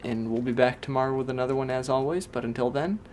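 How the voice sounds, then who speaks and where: A man's voice: medium pitch, quick pace, a little mellow, a little hiss or hum. A man hosting a family vlog at home, chatting easily with his wife and laughing often. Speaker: vlog host, new father. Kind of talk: casual home vlog chat.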